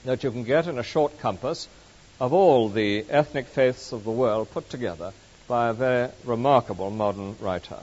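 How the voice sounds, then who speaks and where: A man delivers a sermon in a measured, storytelling manner, his pitch rising and falling with lively expression. The sound is muffled and carries a long, echoing reverb from a large hall. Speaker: preacher.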